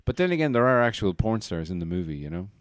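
A man's voice: on the low side, very animated, quick pace, no room sound, clean studio sound. A man co-hosting a podcast, chatting casually about a film, laughing easily and swearing now and then. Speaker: podcast co-host.

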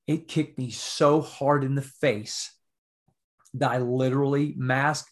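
A middle-aged man telling a story on a podcast, his voice sitting at an ordinary middle pitch. He talks in an earnest, heartfelt way and checks in with his listener now and then. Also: fairly even intonation, slow pace. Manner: earnest, emotional storytelling with frequent "right?" asides. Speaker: podcast guest, author.

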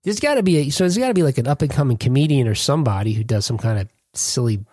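Husky, lively-voiced male podcast host. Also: mid-range voice, rapid-fire, no echo, studio quality. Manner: rambling, self-correcting, jokey. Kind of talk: casual chat.

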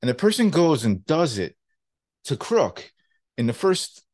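A man's voice: a little high, measured pace. A young man co-hosting a podcast, telling stories in casual chat and swearing now and then. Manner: animated storyteller, swearing casually. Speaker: podcast co-host.

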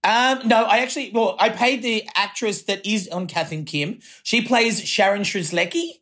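A woman's voice: mid-range voice, moderate pace, fairly bright tone. A woman with an Australian accent, a podcast guest chatting candidly and laughing as she talks. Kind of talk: casual podcast chat.

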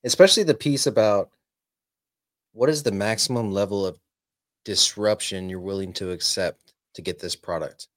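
A male podcast host with a fairly low voice asks questions and praises his guest with open enthusiasm. The sound is close and dry, with no room in it. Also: moderate pace, long pauses, no room sound. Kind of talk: interview conversation.

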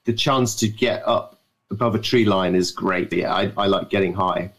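A man's voice: low voice, moderate pace, fairly bright tone. A man from the north of England with an English accent, a guest on a podcast, talking over a remote call from his writing shed with dry, self-mocking humor. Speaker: guest adventurer.

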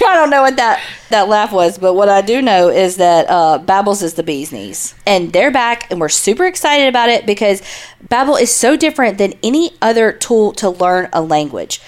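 A woman's voice: mid-range voice, big pitch swings, moderate pace. Southern woman, playful podcast co-host doing a casual ad read. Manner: playful, jokey.

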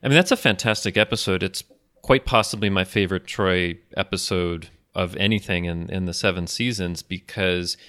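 Low-voiced man hosting a podcast. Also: fairly bright tone. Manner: measured, leads the discussion. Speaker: podcast host. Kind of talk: casual podcast chat.

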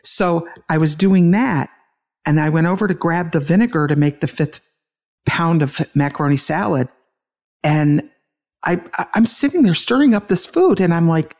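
Gravelly-voiced middle-aged woman recounting loss. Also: lowish voice, animated, normal speed, a little mellow. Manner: emotional, laughs through grief, many restarts. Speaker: guest, bereaved mother and author. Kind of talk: conversational interview storytelling.

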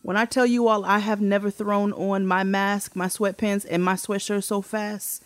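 A woman co-hosting a podcast who tells a story in a casual, animated way, swearing freely and acting out quotes in a much higher voice. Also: moderate pace, no echo. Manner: animated, swearing, acts out quotes with big pitch jumps. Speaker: podcast co-host.

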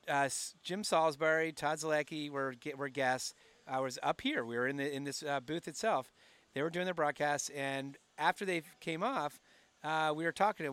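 A man in his forties telling animated stories in a casual chat from a broadcast booth, with frequent restarts. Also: fairly high pitch, smooth. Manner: animated storyteller with many restarts. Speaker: team staff member, podcast co-host.

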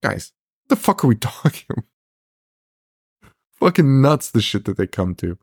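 A man's voice: medium pitch, sing-song, moderate pace, breathy edge, dry recording. Guy on a horror movie podcast, swears a lot, laughs a bunch, dry close sound. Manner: profane, ranting, laughs often. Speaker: podcast co-host. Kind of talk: casual movie review chat.

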